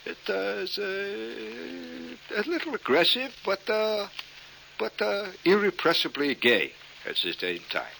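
Guy doing a snooty high voice, posh wine snob, slow and drawn out, gravelly edge. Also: very animated, pushed and bright, slight background noise, exaggerated voice. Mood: affected. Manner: affected, high-pitched, drawn out. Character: pompous male diner showing off, affected and high.

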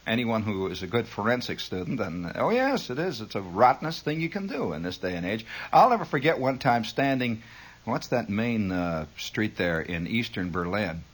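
A man rambles through a late-night radio monologue in a studio, dry and sardonic. His pitch swoops widely as he riffs, and he drifts from one aside to the next in a mock-grandiose tone. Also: big pitch swings, moderate pace, husky. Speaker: radio host.

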